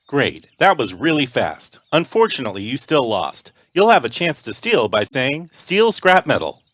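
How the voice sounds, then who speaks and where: A man making a prank phone call in a deadpan mock automated phone-menu voice. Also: medium pitch, normal speed, no echo. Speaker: prank caller.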